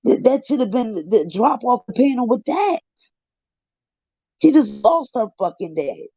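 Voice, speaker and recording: On a livestream, a man gives heated, profane commentary, ranting in exasperation. His very high voice is mellow with a breathy edge, very animated and moderately paced, and the audio is dull, lo-fi and dry with no room sound.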